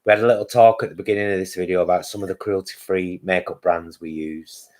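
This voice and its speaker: A man co-hosting a live stream in easygoing casual chat, often pausing on fillers. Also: deep voice, steady tone, a little mellow.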